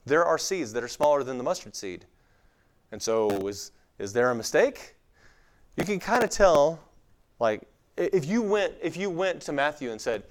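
A man with a fairly high pitch and lively intonation speaks at a moderate pace, his light West Texas accent coming through. He gives an informal Bible lecture to a live audience in a conversational manner, with lots of fillers and voices acted out for quotations.

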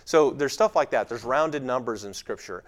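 Before a live audience, a West Texas man with a faint accent teaches on the Bible in a loose, lecture-style talk. His mid-range voice is expressive and moves at an ordinary speed. He fills his speech with fillers and performs quoted voices as he goes.

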